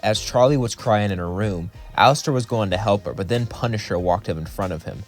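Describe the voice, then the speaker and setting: Male fan-story narrator, lowish voice, rambling casual read. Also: a little fast, faint music behind. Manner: rambling, loosely improvised.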